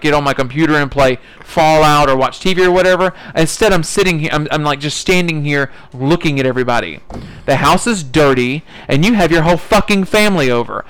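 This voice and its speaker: A man's voice: on the high side, a bit bright, rough recording. A man co-hosting a casual chat, ranting animatedly and swearing freely. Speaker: podcast co-host.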